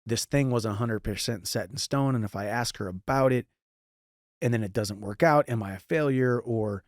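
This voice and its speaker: Here the St. Louis, Missouri podcast host, a man in his thirties, speaks in a mid-range voice at a moderate pace. The studio sound is clean with no echo as he answers listener questions with casual, earnest advice full of restarts.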